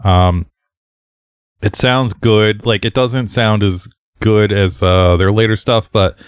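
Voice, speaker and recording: A man's voice: fairly low pitch, takes it slowly, clean tone, dry recording, clean studio sound. A man co-hosting a podcast, chatting casually about a punk record with lots of fillers and easygoing asides. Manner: relaxed, rambling, frequent fillers and laughs. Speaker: podcast co-host. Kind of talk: casual record-review chat.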